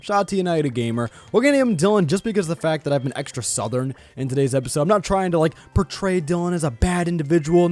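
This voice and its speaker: Excitable male gaming host, voice on the higher side, very animated pitch, laughs a lot. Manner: excitable and joking, laughs often. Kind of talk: casual gameplay commentary.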